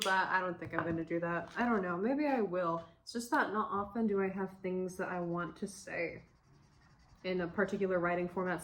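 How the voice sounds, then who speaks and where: A woman in her twenties chatting casually while coloring, rambling and self-deprecating, swearing freely and laughing often. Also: medium pitch. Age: 20s. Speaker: vlogger.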